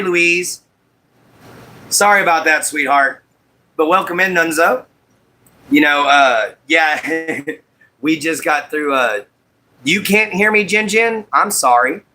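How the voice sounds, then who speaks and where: A man's voice: a little high, bright, forceful tone. A man hosting a casual livestream while making a walking stick, greeting viewers by name and apologizing about his audio. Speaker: livestream host.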